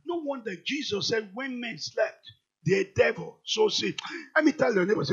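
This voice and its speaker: A man with a Nigerian accent preaching a sermon, moving from quiet storytelling to shouted declarations. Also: very high voice, expressive, moderate pace, breathy edge, dull audio. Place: large church hall.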